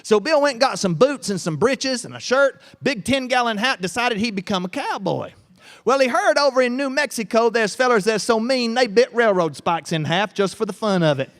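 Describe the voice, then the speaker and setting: A man's voice: extremely high pitch, expressive, normal speed, fairly bright tone. A man telling a tall tale in a folksy drawl to a family audience at a festival tent. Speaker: storyteller. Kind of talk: live storytelling to a family audience.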